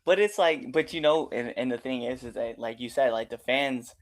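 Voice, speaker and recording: A man's voice: mid-range voice, normal speed. A man hosting a wrestling podcast, talking casually with lots of fillers and laughing along. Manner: relaxed, laughs along, rambling with many fillers. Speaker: podcast host. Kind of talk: casual chat.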